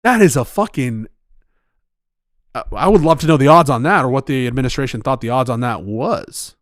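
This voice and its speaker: A tired man speaks at a medium pitch in loose political chat, rambling, cursing and doubling back on his words. His voice is recorded dry and close. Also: lively intonation, normal speed, dry recording. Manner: rambling, profane, restarts often.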